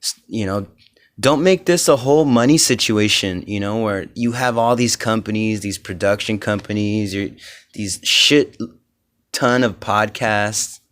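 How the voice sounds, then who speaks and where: Speaking at a measured pace in a lowish voice, this young solo podcast host rambles with many fillers and plenty of profanity. He gets heated and loud as he goes on.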